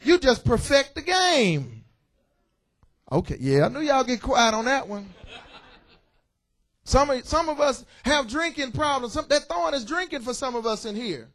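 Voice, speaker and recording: Preacher, male, high and animated, playful call-and-response sermon style. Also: unhurried, pauses often. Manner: lively, joking preaching with call-outs to the congregation. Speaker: pastor. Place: church.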